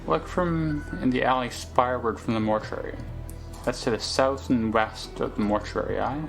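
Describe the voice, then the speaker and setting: A man's voice: mid-range voice, moderate pace, creaky, soft background music, natural voice. A man voicing a tough, streetwise young red-haired girl in a vaguely Irish accent, cocky and haggling. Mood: sly. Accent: vaguely Irish, put on. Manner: cocky, haggling, drops "aye" constantly.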